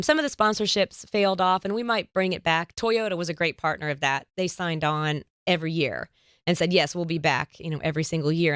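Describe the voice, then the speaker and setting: A woman hosting an interview podcast, telling stories in a lively, animated way and acting out the voices of the people she quotes. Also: sits low, smooth, no room sound, studio quality. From United States. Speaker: podcast host. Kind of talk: casual interview chat.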